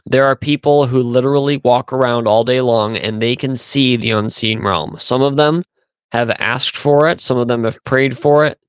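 In a casual storytelling monologue, a male podcast host chats along at a moderate pace, rambling with fillers and false starts. His medium-pitched voice is clear and resonant, captured in a dry but muffled recording.

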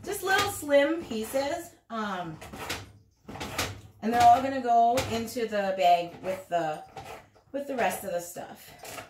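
A chatty woman gives a loose, rambling cooking walkthrough in her home kitchen, her slightly high voice bouncing off the walls. The recording is echoey, with loud background noise. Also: animated, slow, long pauses. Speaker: vlogger. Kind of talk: casual cooking tutorial.

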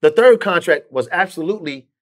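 A middle-aged man with a fairly high voice recounts a story in an interview. He talks in an animated way and slips into the voices of the people he quotes. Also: brisk, music in the background. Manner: animated, acts out quoted dialogue.

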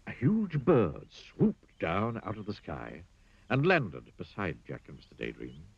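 A man reading a children's story aloud in an expressive, playful storytelling manner. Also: fairly low pitch, unhurried, creaky, slightly rough, no room sound, dull audio. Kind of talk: storybook narration.

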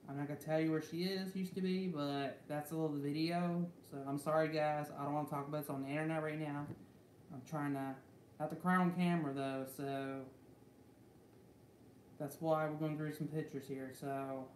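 A man's voice: on the high side, darkish tone. Young male vlogger, meandering delivery full of repeated fillers, recorded in a roomy echoey space. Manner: rambling, repeats "so" and "guys" constantly. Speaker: channel host. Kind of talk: rambling casual vlog. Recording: echoey room with faint background hum.

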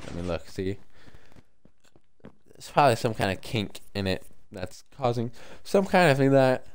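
Tired guy streaming a game, smooth clear voice, just rambling to chat about what he's doing. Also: mid-range voice. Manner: rambling, chatty, talks to viewers. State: tired, yawning. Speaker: livestreamer. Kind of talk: casual gameplay commentary.

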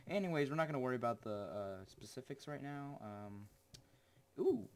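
A man hosts his gaming channel in a loose, chatty way. He is goofy and excitable and often bursts into exclamations. His voice sits at an ordinary, middle pitch. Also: brisk, slight background noise. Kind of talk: casual gameplay commentary.

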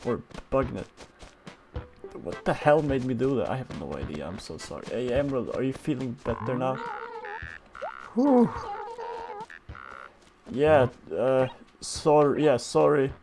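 A chatty male gamer narrates his play with loose, excitable energy, often swearing. His pitch jumps around a lot. Cheerful game music sits clearly under his voice. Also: normal speed, few pauses. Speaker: gaming streamer. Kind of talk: casual gameplay commentary.

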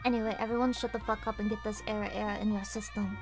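A young woman streaming, chatting casually with her viewers and swearing with loud outbursts. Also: medium pitch, flat delivery, rapid-fire, music in the background. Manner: profane, loud outbursts, rowdy. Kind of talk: casual chat reading chat messages.

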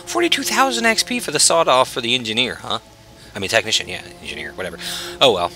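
A man's voice: medium pitch, big pitch swings, quick pace, pushed and bright, soft background music. A man casually commenting on his own gameplay as a channel host, chatty and self-mocking, swearing freely.

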